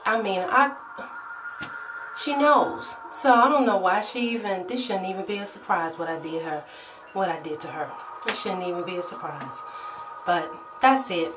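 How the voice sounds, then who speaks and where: A woman vlogger telling a story to her own camera, animated and swearing, acting out shouted quotes. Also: on the low side, moderate pace, recorded from a distance, music in the background. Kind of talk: storytime vlog.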